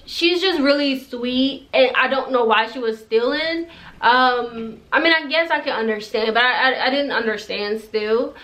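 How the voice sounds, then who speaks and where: A woman's voice: high-pitched, sharp tone. A young woman who moved to the US, chatting through a storytime, rambling and laughing as she goes. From immigrant to the US. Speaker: storytime vlogger. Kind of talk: casual storytelling.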